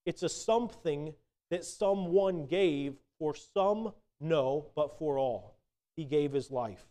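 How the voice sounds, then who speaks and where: A man with a slightly high voice preaches a sermon in a relaxed, conversational storytelling style, with some hesitant restarts.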